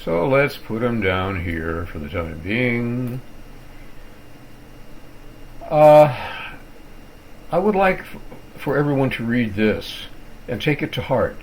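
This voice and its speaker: A man's voice: mid-range voice, expressive, slow, long pauses, a little mellow, slight background noise, poor audio. Tired older man rambling through a rant. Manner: digressive, wry, with theatrical asides. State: tired, low on energy. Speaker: vlogger ranting about his internet provider. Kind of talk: rambling screen-recorded rant.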